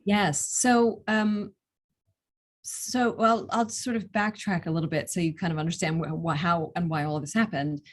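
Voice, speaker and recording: Low-voiced young American woman explaining. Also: steady tone, normal speed. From United States. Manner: thoughtful, explains step by step with small restarts. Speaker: audiobook narrator and actor. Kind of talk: casual interview answers.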